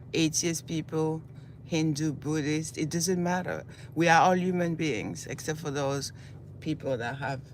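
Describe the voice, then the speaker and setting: A vlogger with a very deep, groggy just-woke-up voice delivers fervent commentary while walking to work outdoors on a city street. Senegalese-born and raised in southern France, she piles up her points in repeated lists as street traffic hums in the background.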